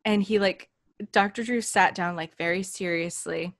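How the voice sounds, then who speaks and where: A woman's voice: lowish voice, steady tone, normal speed. A woman hosting a podcast in casual chat, telling anecdotes with emphatic asides and laughter. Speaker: podcast host.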